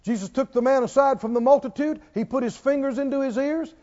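A man's voice: very high-pitched, brisk, darkish tone. A man preaching a sermon, emphatic, firing rhetorical questions at his listeners and drawing out key words for emphasis. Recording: reverberant, dull lo-fi church recording.

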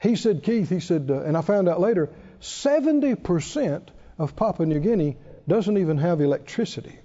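The pastor's voice is high but dark and mellow, with lively intonation at a normal speed as he gives a forceful sermon and stresses key phrases heavily. The audio comes across dull and lo-fi.

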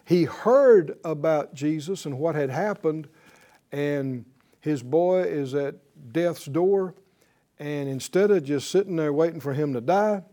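A man's voice: fairly high pitch, mellow. A man teaching a Bible lesson in sermon style, emphatic and putting rhetorical questions to his listeners.

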